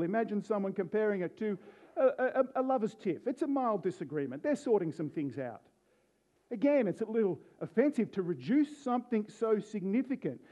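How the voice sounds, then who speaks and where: Earnest high-voiced preacher, mellow tone. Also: male voice. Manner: earnest, emphatic, reads scripture aloud. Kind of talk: Easter sermon.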